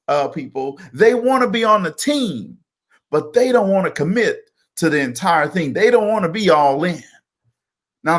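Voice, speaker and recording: Guy telling folksy motivational stories, high voice, swoops up and down a lot. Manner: folksy, animated storyteller. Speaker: co-host. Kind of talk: motivational storytelling.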